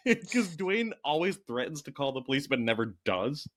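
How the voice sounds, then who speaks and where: A man co-hosting a casual movie podcast, animated and laughing often as he acts out scenes. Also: medium pitch, moderate pace. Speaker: podcast co-host. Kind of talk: casual movie review chat.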